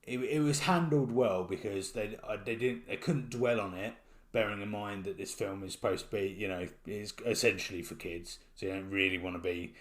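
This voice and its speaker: A man with a British accent co-hosting a podcast, talking in a relaxed, thoughtful way with many fillers. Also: fairly low pitch, normal speed. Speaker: podcast co-host. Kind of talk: casual chat.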